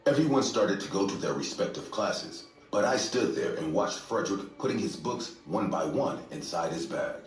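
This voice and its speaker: A man narrating a scripted horror story in a steady, measured way. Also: sits low. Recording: echoey distant room, faint music.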